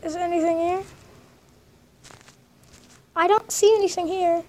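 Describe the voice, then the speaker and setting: Super high pitched girl gamer, nervous, rambly, chatty lets-play talk. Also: steady tone, unhurried, mellow. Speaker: gamer playing a horror game. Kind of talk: casual let's-play commentary.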